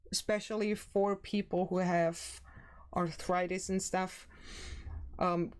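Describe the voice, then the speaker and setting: A woman's voice: medium pitch, darkish tone. A woman from Germany with a German accent, chatting casually with her livestream viewers and now and then searching for the right English word. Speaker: streamer.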